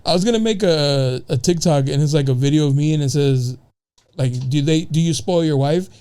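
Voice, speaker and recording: A man's voice: fairly high pitch, brisk, dark tone, smooth. A man hosting a podcast in casual chat, laid-back with short reactions and jokes. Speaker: podcast host.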